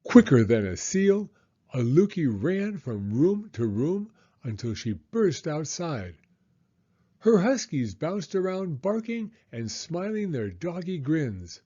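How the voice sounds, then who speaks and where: Guy reading a kids story out loud, slow and animated, kinda muffled audio. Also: on the high side, breathy edge. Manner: expressive, unhurried storytelling. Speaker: storybook reader. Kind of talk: children's read-aloud.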